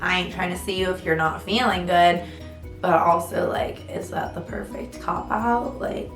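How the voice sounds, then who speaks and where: A young woman with a lowish voice vlogs at normal speed, chatty and full of fillers, her storytelling rising and falling dramatically. The recording sounds roomy, with faint music.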